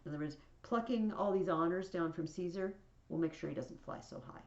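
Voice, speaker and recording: A woman's voice: fairly low pitch, a little fast, echoey room, lo-fi sound. A woman teacher casually explaining a play to a class, with chatty asides, reading scenes aloud.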